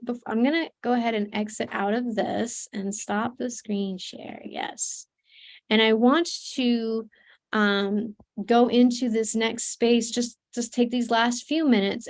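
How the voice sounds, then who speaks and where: A woman coaches her audience through an online seminar in a middle-pitched voice. She speaks earnestly and patiently, often pausing on fillers and restarting sentences. The sound comes through an ordinary computer mic. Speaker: seminar presenter, trauma coach.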